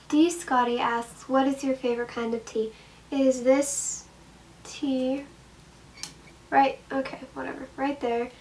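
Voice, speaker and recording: Chatting off-mic while answering fan questions, this young vlogger is giggly and self-deprecating, her voice high-pitched. It's a rough recording made from a distance, with faint room noise in the background.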